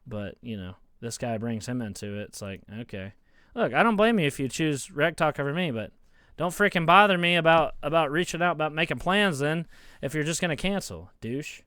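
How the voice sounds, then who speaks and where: A man's voice: on the high side, lively intonation, a little fast, sharp tone, clean tone, no echo, clean studio sound. A man ranting as a college football fan YouTuber, heated and mocking, often stammering and restarting, recorded on his phone. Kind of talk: casual ranting vlog.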